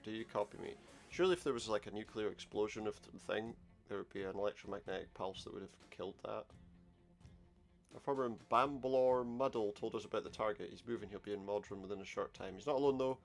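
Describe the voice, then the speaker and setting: Male gamer, deep and a bit gravelly, wry casual commentary over soft game music. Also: steady tone, brisk. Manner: wry, sarcastic asides. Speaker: let's play gamer. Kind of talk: casual game commentary, reading game dialogue aloud.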